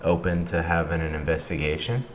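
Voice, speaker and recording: A man's voice: sits low, level tone, fairly quick. A man hosting a podcast interview, asking short questions and giving encouraging backchannels. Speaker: podcast host. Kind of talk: casual interview. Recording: echoey room with faint noise.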